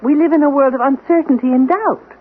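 A man's voice: very high-pitched, brisk. A man playing a prim, unflappable butler. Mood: soothing. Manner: formal, precise, faintly pompous. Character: prim, unflappable male butler, formal and condescending. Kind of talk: old-time radio drama acting. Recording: tinny, lo-fi old radio recording with faint hiss.

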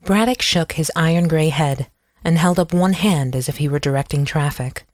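Woman, audiobook narrator, low voice, measured storytelling, dry close recording. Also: darkish tone, no echo.

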